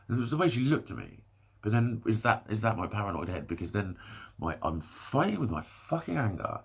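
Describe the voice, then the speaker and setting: A husky, lowish-voiced young man with an English accent vents to his camera in a long, swearing rant. He sounds exasperated and keeps laughing at his own points as he goes. The delivery is loose and unscripted. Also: wildly swooping pitch, a little fast. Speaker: vlogger. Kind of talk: ranting monologue.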